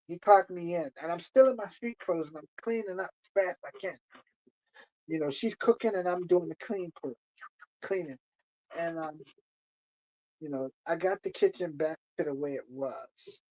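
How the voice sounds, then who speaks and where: A man with a somewhat high voice tells a long story in a loose, rambling way. He circles back, repeats phrases and fills gaps with "you know". The audio is dull and lo-fi. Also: moderate pace, darkish tone. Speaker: streamer. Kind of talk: casual storytelling.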